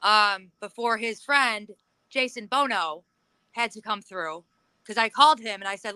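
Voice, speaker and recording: A woman's voice: medium pitch, measured pace, sharp tone, smooth, dry recording, low-quality recording. A woman guest talking bluntly and casually, swearing a lot and acting out past arguments. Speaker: interview guest. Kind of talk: casual chat.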